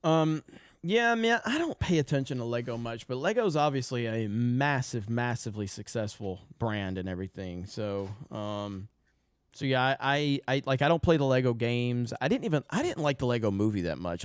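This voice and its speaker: Man ranting on a stream, swears a lot, pitch all over the place, dry mic. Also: expressive, normal speed, smooth, dry recording. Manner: loud, profane, ranting. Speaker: co-host. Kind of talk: casual live-stream banter.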